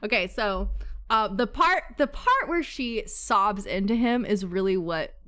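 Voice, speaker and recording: A woman hosting a casual book club chat, bubbly and laughing often, with quick asides. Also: medium pitch, expressive, a bit bright, clear, resonant tone.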